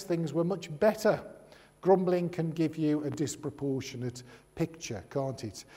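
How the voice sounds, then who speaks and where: A man's voice: on the high side, mellow. Man preaching in a reverberant hall. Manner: conversational, humorous asides and rhetorical questions. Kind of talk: sermon. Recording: long reverb of a large hall.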